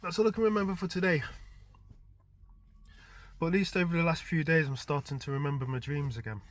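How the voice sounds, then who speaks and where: Brisk and steady in tone, with a voice on the high side, a middle-aged vlogger recounts a dream in a loose, rambling manner. He keeps chuckling and fills his sentences with "like" and "type thing."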